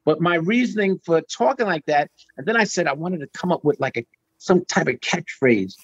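Middle-aged man, casual storyteller, fairly high voice, dry close sound, lively quoting. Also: a little fast, slightly rough, no echo, highs cut off. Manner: animated storyteller, acts out quotes with pitch jumps. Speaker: guest storyteller. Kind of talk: casual anecdote on a podcast.

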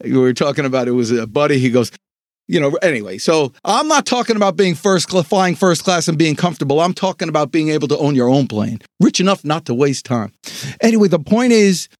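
A man hosting a sales podcast, delivering an energetic motivational pep talk with dramatic pauses. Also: on the high side, no echo, clean studio sound. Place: home studio.

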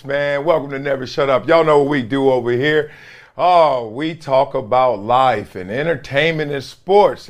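A man hosting a podcast in casual chat, excitable with loud bursts and frequent laughter. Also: medium pitch. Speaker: podcast host.

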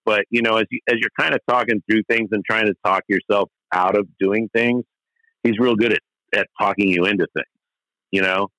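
Middle-aged male musician guest, candid and rambling, low-ish bright tense voice, dry close recording. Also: steady tone, fairly quick, no room sound, rough recording. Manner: rambling, many restarts and fillers, candid and profane. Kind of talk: casual storytelling interview.

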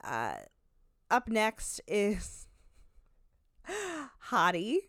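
A woman co-hosting a casual podcast, recapping a reality show with quick asides and frequent laughter. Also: mid-range voice, big pitch swings, a bit bright, no room sound, clean studio sound. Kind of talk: casual chat.

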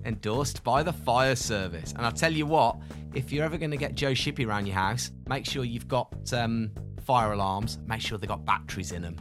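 A man's voice: mid-range voice, fairly quick, over music. A man co-hosting a casual podcast, chatting and telling stories between laughs. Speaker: podcast co-host. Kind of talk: casual chat.

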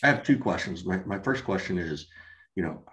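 A man with a low voice co-hosts a relaxed podcast chat. He asks questions and drops joking, wry asides. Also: fairly quick. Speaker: podcast co-host. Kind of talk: casual podcast conversation.

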